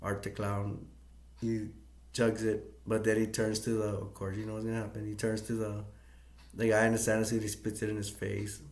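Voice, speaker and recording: A man retells a movie in a loose, rambling way, full of fillers, restarts and chuckles. His voice sits low, and the room around him adds a clear echo. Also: monotone, normal speed. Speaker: movie reviewer. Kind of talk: casual retelling of a film. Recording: echoey room.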